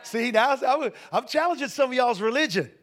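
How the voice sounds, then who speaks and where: A man preaching a sermon to a congregation, telling stories emphatically and breaking into shouts and laughter. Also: extremely high pitch, fairly quick, some chatter behind. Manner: emphatic, swings into shouting and laughter, lively storytelling. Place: church service with a congregation.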